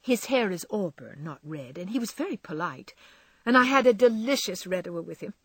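A bouncy, blundering teenage girl full of quick exclamations, played by a woman reading aloud. Her voice leaps about in pitch with a faint breathiness. The storybook sound is close and dry. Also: lively intonation, fairly bright tone, slightly rough, no room sound. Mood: chatty. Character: clumsy, impulsive, good-hearted teenage girl.

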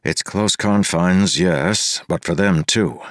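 A man voicing a calm, tactical male lawman who lays out plans precisely. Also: deep voice, slow, no echo, studio quality. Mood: measured.

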